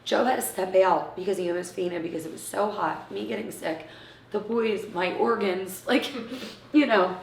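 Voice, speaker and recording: Gravelly-voiced woman telling a personal story. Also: mid-range voice, normal speed, a little hiss or hum. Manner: acts out others' words, often drops to a hushed near-whisper. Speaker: interviewee, mother of premature twins. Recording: roomy, from a distance.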